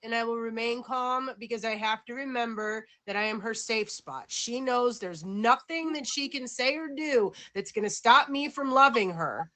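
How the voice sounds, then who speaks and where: Brief: middle-aged woman, high and bright, lively storyteller in casual chat. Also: normal speed, hardly any pauses. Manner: animated storyteller, acts out exchanges.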